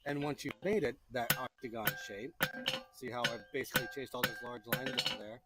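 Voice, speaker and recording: This time the blacksmithing instructor talks briskly at medium pitch, and the shop is very noisy. While forging he keeps up a chatty, joking, encouraging patter to guide his beginner student.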